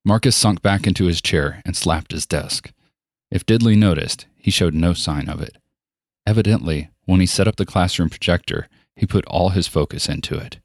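A man narrating an audiobook in an even, steady storytelling voice. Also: sits low, normal speed, dry recording, clean studio sound. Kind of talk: scripted narration.

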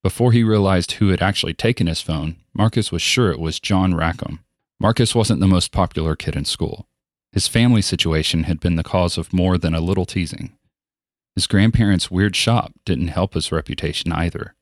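A man narrating an audiobook in an even, steady storytelling voice. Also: deep voice, moderate pace, no echo, studio quality. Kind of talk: scripted narration.

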